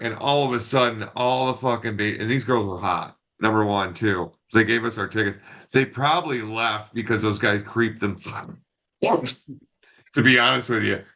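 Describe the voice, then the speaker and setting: A man's voice: medium pitch, bright, forceful tone. A man telling a rambling, profane story on a casual podcast and acting out the quotes. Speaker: podcast co-host.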